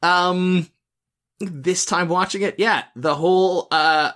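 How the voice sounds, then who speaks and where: A man's voice: on the high side, takes it slowly, pushed and bright. A man co-hosting a casual movie podcast, speaking hesitantly with many fillers. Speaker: podcast co-host.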